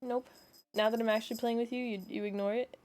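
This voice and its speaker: A woman's voice: fairly high pitch, fairly even intonation, fast talker, a little mellow, a little hiss or hum. A woman streamer reading a book aloud, giggling and chatting to her pet between passages. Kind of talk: casual chat and book reading.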